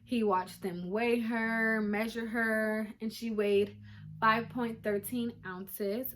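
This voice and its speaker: A woman's voice: on the high side, steady tone, slow, fairly bright tone, a little hiss or hum. A young woman casually telling her birth story to viewers, chatty and emotional, recorded on a phone at home. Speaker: vlogger. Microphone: phone camera.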